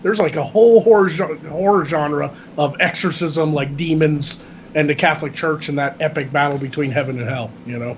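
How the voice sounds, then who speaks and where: A man chatting casually on a podcast, his voice slightly high for a man. He hesitates and fills his sentences with fillers, over a faint background hiss. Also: normal speed, lo-fi sound. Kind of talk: casual chat.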